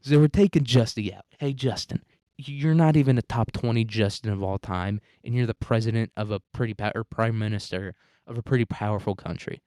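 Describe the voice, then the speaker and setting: A man's voice: fairly low pitch, a little fast, warm tone, no room sound, clean studio sound. A man hosting a solo podcast in a casual monologue, rambling and crude, often laughing at his own jokes. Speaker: podcast host.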